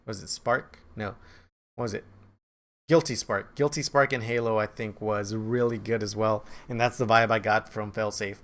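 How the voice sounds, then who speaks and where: A man's voice: lowish voice, steady tone, moderate pace, a bit bright. A man giving a casual, rambling game review in a vlog, offhand and self-deprecating. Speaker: gaming video creator.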